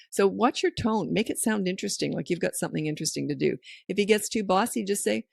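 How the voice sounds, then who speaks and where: A woman's voice: lowish voice, very fast, creaky, few pauses, no echo, studio quality. A middle-aged woman hosting a parenting podcast, giving down-to-earth advice and telling stories that act out what people said. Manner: anecdotal, down-to-earth, acts out quoted lines. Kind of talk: casual advice chat.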